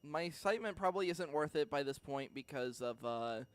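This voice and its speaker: A male podcast co-host in casual chat, excitable, quick to laugh and swear. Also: on the high side, dry recording.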